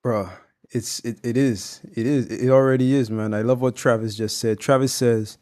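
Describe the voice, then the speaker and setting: Mellow-voiced laid-back sales coach man. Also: medium pitch, fairly even intonation, normal speed. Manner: laid-back slang, teaching with examples. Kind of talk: casual live discussion.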